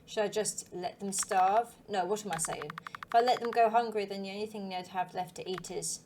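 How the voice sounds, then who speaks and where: A woman reading a quiet, anxious child. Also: medium pitch, brisk, background noise, natural voice. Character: frightened young child left alone at home.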